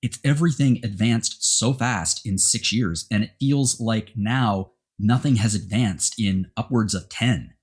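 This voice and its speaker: Husky low guy hosting a podcast, rambly and chatty. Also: measured pace, few pauses. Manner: rambling, animated opinions. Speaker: podcast host. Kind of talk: casual chat.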